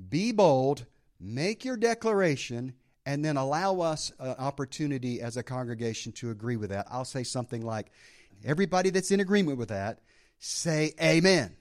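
A male pastor preaching to his congregation, his voice rising and falling in lively swings. He pitches slightly higher than most men and leans hard on his points, punctuating them with amens and praise. It sounds like a live church service. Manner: emphatic preaching with frequent amens and praise calls. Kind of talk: sermon.

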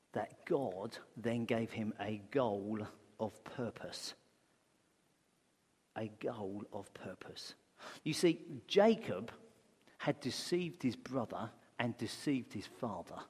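A man's voice: lowish voice, slow, a little mellow, slightly rough. A man preaching a sermon as pastor, conversational, asking rhetorical questions. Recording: long hall reverb.

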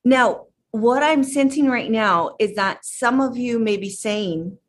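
A woman hypnotherapist in casual talk to her viewers, chatty and emphatic, pausing now and then to gather her thoughts. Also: a little high. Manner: chatty and emphatic, addresses listeners directly. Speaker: channeling hypnotherapist.

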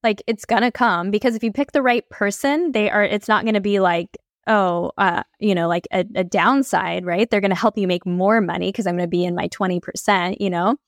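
A woman's voice: mid-range voice, fairly even intonation, a little fast, few pauses, dry recording, studio quality. A woman coach and podcast guest telling stories with energy, acting out her own inner dialogue. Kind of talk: energetic storytelling in an interview.

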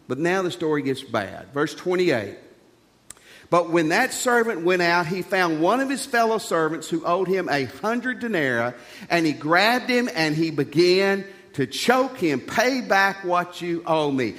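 A man preaching a sermon as a pastor, folksy and animated, with jokes and rhetorical questions. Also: on the high side, moderate pace. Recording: long reverb of a large hall.

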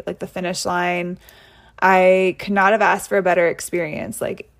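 Chatty young woman host, casual storytelling. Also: mid-range voice. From Tennessee, USA. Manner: casual, reflective, heavy use of "like". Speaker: podcast host. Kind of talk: personal storytelling podcast.

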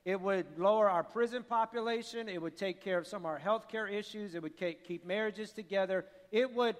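A man preaching a sermon as pastor, earnest and repeating himself, building to forceful appeals. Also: high voice, fairly quick. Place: church sanctuary. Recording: long hall reverb.

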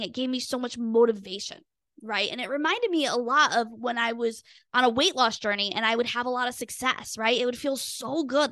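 A young woman hosting a podcast, telling a personal story in an earnest, expressive way and acting out her own past thoughts. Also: fairly high pitch, no echo, studio quality. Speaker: podcast host and weight loss coach.

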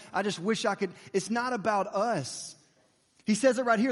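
A man preaching a sermon, chatty and lively, joking with the congregation. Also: sits high, long reverb tail. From United States. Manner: conversational and lively, with playful asides to the congregation.

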